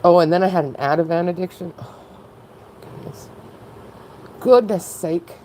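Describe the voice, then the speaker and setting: A woman's voice: fairly low pitch, normal speed, warm tone, slight background noise, rough recording. A woman talking candidly in a casual, rambling personal monologue, often breaking into laughs. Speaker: vlogger.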